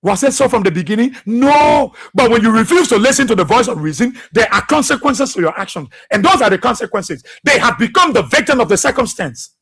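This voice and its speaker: High-voiced husky Liberian radio host, bright and fiery, preacher-like repeats. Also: male voice, animated, a little fast, hardly any pauses. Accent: Liberian English. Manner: fiery, repetitive, preacher-like delivery. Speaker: radio talk show host. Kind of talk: impassioned political commentary.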